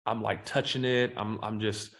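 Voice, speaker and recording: A man talking as a podcast guest and sales trainer, telling profane, animated stories in a casual interview. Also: on the low side, moderate pace.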